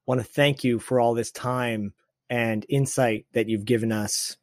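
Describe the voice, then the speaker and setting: A man's voice: mid-range voice, fairly even intonation, measured pace, dry recording, clean studio sound. A man co-hosting a podcast, talking earnestly with many restarts and repeated words. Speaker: podcast co-host. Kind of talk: casual interview chat.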